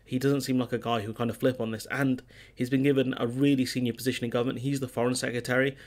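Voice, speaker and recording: A man talks through the political news of the day on his own channel, reading out quotes and adding dry, sarcastic remarks. His pitch sits in an ordinary middle range and barely moves, which gives a level, matter-of-fact delivery broken up by frequent ums. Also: little pitch movement, fast. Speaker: political commentary channel host. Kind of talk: casual solo political commentary.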